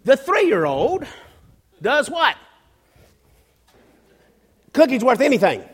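High-voiced male pastor preaching in a hall. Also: wildly swooping pitch, breathy edge. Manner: preaching, often halting and restarting, with bursts of raised emphasis. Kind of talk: sermon. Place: church sanctuary. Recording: long hall reverb.

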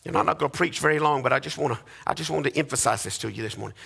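A man's voice: medium pitch, very fast, vocal fry, fairly bright tone, husky. A man preaching a sermon, emphatic and rhythmic, with repeated refrains that lift into sing-song cadences. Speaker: pastor.

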